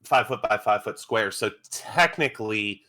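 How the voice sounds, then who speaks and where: A man running a tabletop game as game master, narrating scenes and throwing in quick playful asides. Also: lowish voice, expressive, pushed and bright.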